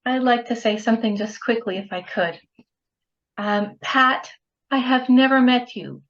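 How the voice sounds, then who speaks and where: A woman's voice: on the high side, a little slow, muffled recording. Earnest, encouraging woman on a call. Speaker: participant. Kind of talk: supportive share.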